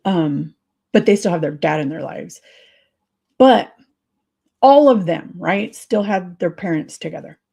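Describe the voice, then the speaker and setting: Husky, gravelly woman confiding. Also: fairly low pitch, expressive, unhurried, long pauses, mellow. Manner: confiding and emotional, sympathetic. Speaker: livestream host. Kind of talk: livestream chat with viewers.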